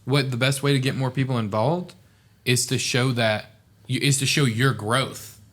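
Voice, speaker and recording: A man's voice: medium pitch, fairly even intonation, normal speed, fairly bright tone. A young man, a podcast guest talking in an earnest, heartfelt, rambling way full of "like". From southeast Oklahoma. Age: young adult. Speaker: podcast guest, former student officer. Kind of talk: casual podcast interview.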